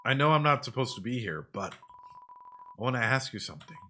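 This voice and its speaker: A man voicing an eager, clumsy young monster kid in a high, excitable, breathless voice. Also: normal speed, a little hiss or hum.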